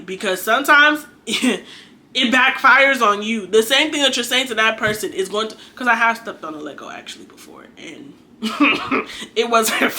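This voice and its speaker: A woman's voice: fairly high pitch, pushed and bright. A young adult woman giving an earnest, chatty faith talk to her viewers, exhorting and conversational. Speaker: faith vlogger. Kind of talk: casual preachy monologue.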